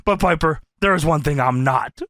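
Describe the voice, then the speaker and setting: A man's voice: a little high, normal speed, a bit bright, no room sound, clean studio sound, close to an everyday voice. A man voicing a boastful patriotic masked wrestler who swaggers through his lines and ends them with "brother" and "dude". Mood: cocky.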